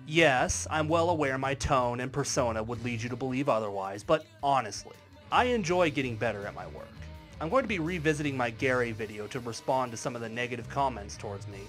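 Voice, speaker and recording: A man's voice: medium pitch, animated, brisk, fairly bright tone, soft background music. A man delivering a commentary video in a wry, sarcastic manner. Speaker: YouTube commentary creator. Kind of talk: commentary vlog.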